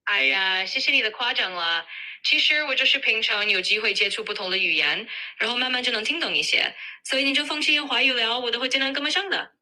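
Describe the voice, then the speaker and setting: A woman's voice: a little high, expressive, fast, sharp tone, low-quality recording. A synthetic woman's voice with an American accent, acting as an AI assistant, upbeat and reassuring.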